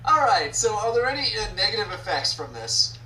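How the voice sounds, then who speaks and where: A man's voice: sits high, sing-song, a little fast, bright, forceful tone. A man playing a tabletop game, wry and amused. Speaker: player. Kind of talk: casual tabletop role-play. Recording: roomy, distant audio with faint hum.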